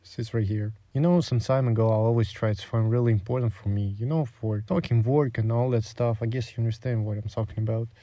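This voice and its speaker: A man's voice: medium pitch, fairly even intonation, fairly quick, hardly any pauses, dark tone, dry recording. A man reading a sponsor spot in a casual, rambling way. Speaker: channel host. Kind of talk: sponsor read.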